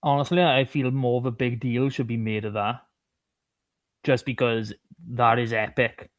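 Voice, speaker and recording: A man's voice: medium pitch, little pitch movement, no room sound. Joking man, dry sound. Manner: jokey, quick banter. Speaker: podcast co-host. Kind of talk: casual sports chat.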